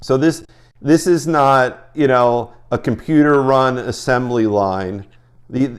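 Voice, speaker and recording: Um homem que apresenta uma entrevista casual por chamada de vídeo e fala com entusiasmo, recomeçando as frases. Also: male voice, mid-range voice, clean tone. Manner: enthusiastic, talks in quick restarts. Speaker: interview host. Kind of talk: casual video-call interview. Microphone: video call.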